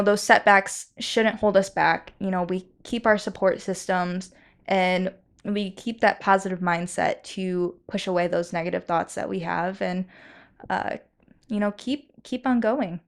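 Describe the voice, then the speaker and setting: A woman's voice: medium pitch, steady tone, unhurried. A woman co-hosting a casual podcast, speaking earnestly with frequent laughs and hesitant fillers. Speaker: podcast co-host. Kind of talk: casual chat.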